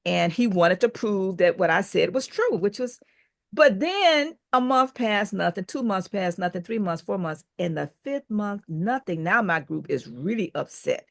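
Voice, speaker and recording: An older businesswoman tells a long story as a podcast guest. She brings it to life by acting out the people she quotes. Her voice sits at a middle pitch. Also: measured pace, creaky. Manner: animated storyteller who acts out quoted dialogue. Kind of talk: storytelling in an interview.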